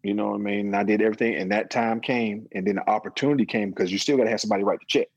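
Husky low-voiced man telling his story. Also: rapid-fire, no echo, muffled recording. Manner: storytelling, animated when quoting others. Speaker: interview guest, business owner. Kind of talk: casual interview talk.

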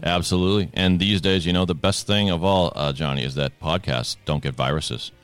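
A man's voice: sits low, a little fast, smooth. A man from Boston hosting a podcast, chatting casually and cracking jokes. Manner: jokey and animated, laughs often. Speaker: podcast host. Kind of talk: casual interview chat.

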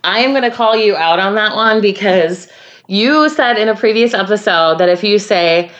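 A woman's voice: medium pitch, lively intonation, normal speed, fairly bright tone. A woman co-hosting a podcast in casual chat, teasing and laughing often, talking into a microphone. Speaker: podcast co-host. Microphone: studio microphone.

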